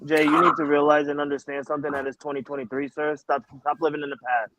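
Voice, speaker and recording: A man's voice: fairly high pitch, flat delivery, fast, a bit bright, no room sound. A man co-hosting a casual sports talk show, teasing and playful.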